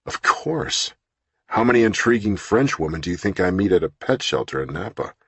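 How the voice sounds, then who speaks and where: A man voicing a brisk, wry male attorney who asks pointed, probing questions. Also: low voice, very animated, gravelly, a bit bright, breathy edge, no room sound, exaggerated voice. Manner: brusque, then concerned and probing.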